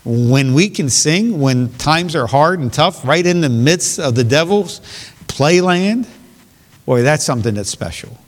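A man's voice: on the high side, expressive, unhurried. A man preaching a sermon, reading scripture aloud and rising to emphatic peaks. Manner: reads scripture aloud in old King James wording, rising to emphatic peaks. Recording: long hall reverb.

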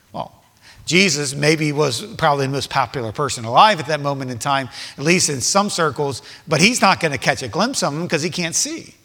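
A man preaching a sermon with passion, repeating his points and swinging between soft and loud. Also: fairly high pitch, in a large hall.

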